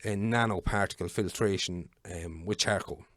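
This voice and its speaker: A deeper-voiced Irish man in his thirties tells a long story as a podcast guest. He rambles, swears freely and fills gaps with ums. The recording sounds close and dry. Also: normal speed, fairly bright tone, no echo. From Ireland. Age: 30s. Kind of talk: casual storytelling.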